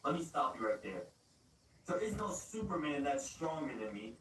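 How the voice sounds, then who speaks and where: A man's voice: a little high, sing-song, moderate pace, pitched below the performer's own voice. A man playing an arrogant, boastful male superhero who calls himself perfect, with a pompous, threatening manner. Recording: roomy echo, distant mic, faint noise.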